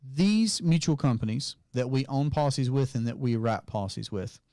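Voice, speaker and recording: Casual southern guy from north carolina, financial coach doing a live q&a, talks easy and keeps saying okay, mid pitch. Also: animated, normal speed, warm tone. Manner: chatty, reads viewer comments aloud, tags lines with "okay?". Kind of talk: casual livestream Q&A. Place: office. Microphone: clip-on mic added partway.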